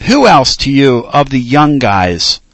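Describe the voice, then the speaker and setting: A man hosting a casual sports talk radio show, speaking earnestly and with heartfelt pauses. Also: medium pitch, very animated, a bit bright, no room sound, poor audio.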